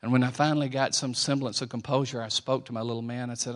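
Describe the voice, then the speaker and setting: Middle-aged guy preaching, storytelling, goes soft then loud. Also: medium pitch, fairly even intonation, fast, hardly any pauses. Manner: storytelling, swings from quiet to loud. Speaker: pastor. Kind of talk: sermon.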